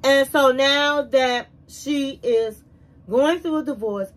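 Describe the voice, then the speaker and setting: A woman with a high-pitched voice runs through a reality TV recap as a YouTube reviewer. She tells it like a story, animated and conversational, and puts her own opinions in freely. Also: slow, rough recording. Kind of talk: casual episode recap commentary.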